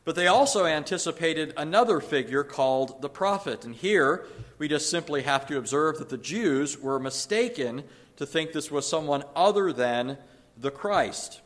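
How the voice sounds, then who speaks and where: A man teaching through a Bible passage in an earnest, explanatory way, pausing often with "uh" and restarting phrases. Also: a little high, lively intonation, a bit bright.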